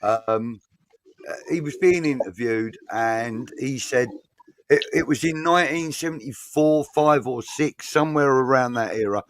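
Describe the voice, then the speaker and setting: A man's voice: medium pitch, measured pace, no room sound. A middle-aged man, co-hosting a fan football show, rambling and laid-back while reading live comments. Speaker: fan podcast co-host.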